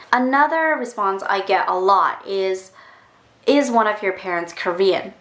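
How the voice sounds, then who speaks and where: A young woman from Canada telling a casual storytime rant to camera, chatty and quick to act out other people's reactions. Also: a bit bright, echoey room. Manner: chatty, acts out quoted reactions in a higher voice. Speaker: vlogger.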